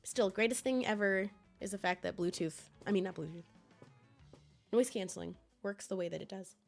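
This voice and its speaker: A young woman streaming from home, chatting casually with viewers in a rambling, laughing way. She is hoarse, sniffly and coughing from a cold. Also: medium pitch, normal speed, faint music behind.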